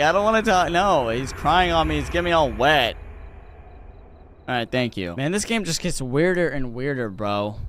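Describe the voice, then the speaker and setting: Man, gaming YouTuber, let's-play commentary, joking, teasing, high voice. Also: expressive, normal speed, a bit bright, slight background noise. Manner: joking, teasing the game's characters.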